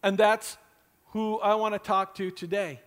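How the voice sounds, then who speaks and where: A man's voice: sits high, little pitch movement, a little slow, fairly bright tone, clear, resonant tone. A middle-aged man preaching a sermon as pastor, earnest and conversational with joking asides.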